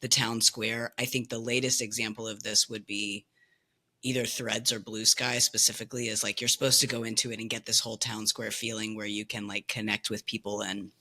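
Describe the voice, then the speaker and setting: A man on a casual podcast, talking hesitantly and thinking aloud with many pauses. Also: lowish voice, little pitch movement, sharp tone. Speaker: podcast co-host. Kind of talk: casual group chat.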